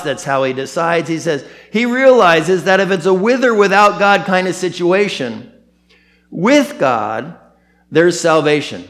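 A man preaching a sermon as pastor, animated, acting out the quotes he tells. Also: a little high.

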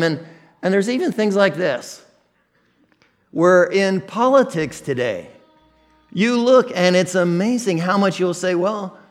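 Male pastor, Midwestern American accent, candid conversational preaching, pitch a touch high. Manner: conversational, self-deprecating, with many restarts. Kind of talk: sermon.

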